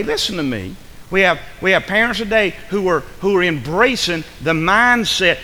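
A man preaching a sermon, lively and forceful, acting out the voices of the people he addresses. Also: sits high, fairly quick, in a large hall, a little hiss or hum, poor audio. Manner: animated preaching, acts out imagined voices. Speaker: pastor.

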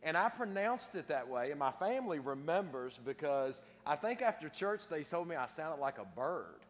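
A man's voice: on the high side, big pitch swings, moderate pace. A middle-aged man, preaching a sermon with casual, self-deprecating asides to his congregation. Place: church sanctuary. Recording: long church reverb.

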